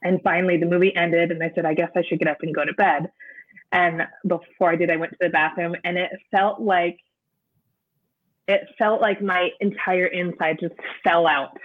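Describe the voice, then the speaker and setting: Woman guest, halting and searching for words, sounds like a tinny phone call. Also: fairly low pitch, fairly even intonation. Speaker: interview guest. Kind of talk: personal account in an interview.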